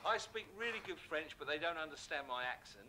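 A man's voice: a little high, animated, a little fast, background noise. A man, a record producer, bantering for the camera in a recording studio in a crude, mocking, profane way. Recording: music playing in the background.

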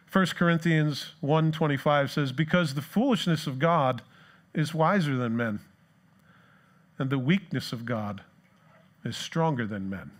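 Man preaching a lively sermon. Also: on the high side, measured pace. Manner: animated storytelling, acts out crowd voices. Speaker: pastor. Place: church.

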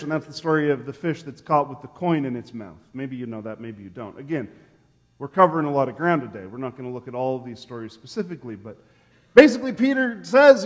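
A man pastor preaching a sermon in a church sanctuary, telling the story in an animated way and acting out the quotes. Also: mid-range voice, fairly quick, big-room sound.

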